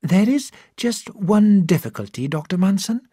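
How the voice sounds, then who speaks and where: A reader voicing a formal male committee secretary who speaks in a measured, official way, in a slow and slightly husky tone. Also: mid-range voice, lively intonation, warm tone, no room sound, clean studio sound, voice pushed up.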